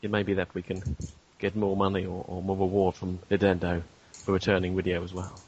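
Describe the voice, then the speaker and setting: A man's voice: deep voice, monotone, brisk, a little mellow, slightly rough, highs cut off. A man speaking persuasively and hesitantly, playing his character in a tabletop role-play game. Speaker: player.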